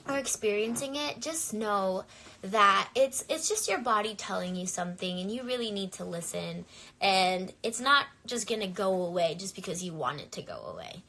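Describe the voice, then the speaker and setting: A woman's voice: medium pitch, sharp tone, a little hiss or hum. A young woman talking candidly to viewers on a phone livestream, chatty and full of fillers. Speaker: singer on a livestream. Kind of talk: casual livestream chat.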